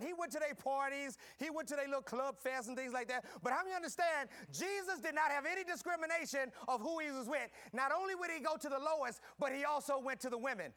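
A man preaching a sermon, calling out to his congregation and swinging between quiet teaching and shouting. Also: extremely high pitch. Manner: preaching with call-and-response, swinging from soft to shouting. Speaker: pastor.

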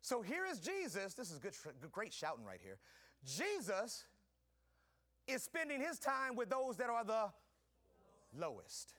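High, bright-voiced male preacher. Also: wildly swooping pitch, measured pace, pauses often. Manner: preaching with call-and-response, swinging from soft to shouting. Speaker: pastor. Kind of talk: sermon.

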